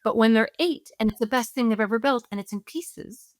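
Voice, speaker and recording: A woman's voice: a little high, a little fast, no echo, clean studio sound. A woman, a parenting expert guest on a podcast, explaining her method through worked-through scenarios and often checking in with "right?". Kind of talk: podcast interview.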